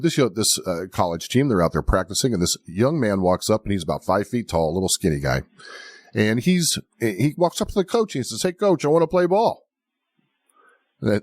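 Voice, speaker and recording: A man hosting a podcast conversation, his voice very low yet full of animated rises and falls as he tells a story. The sound is dry and close, with no room around it. He leans into questions with earnest emphasis. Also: no room sound. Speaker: podcast host.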